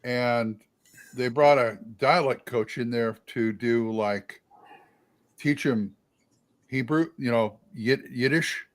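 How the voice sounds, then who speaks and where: A man's voice: mid-range voice, takes it slowly. A man co-hosting a livestream, telling rambling anecdotes in casual chat with many fillers. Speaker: livestream co-host and theater actor.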